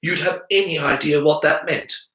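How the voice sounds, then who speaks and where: A man's voice: a little high, normal speed, bright, forceful tone, reverberant, low-quality recording. A man voicing an earnest, analytical boy wizard who explains things in a lecturing way. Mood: explaining.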